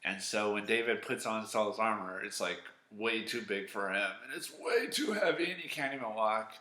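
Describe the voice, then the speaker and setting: A man with a low, bright, forceful voice tells a Bible story to children. He talks in a chatty, animated way and keeps asking the kids questions. The sound rings in a roomy, echoey space. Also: moderate pace. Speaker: children's ministry teacher.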